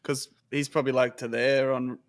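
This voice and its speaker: A man's voice: mid-range voice, little pitch movement, normal speed. A man co-hosting a casual podcast, throwing in slangy, teasing banter. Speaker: podcast co-host.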